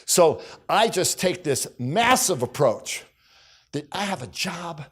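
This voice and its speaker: A man's voice: on the high side, big pitch swings, slow, fairly bright tone, slightly rough. Middle-aged man telling stage stories. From United States. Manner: storytelling, acts out dialogue, repeats catchphrases. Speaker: keynote speaker. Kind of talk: motivational keynote speech. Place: conference hall stage.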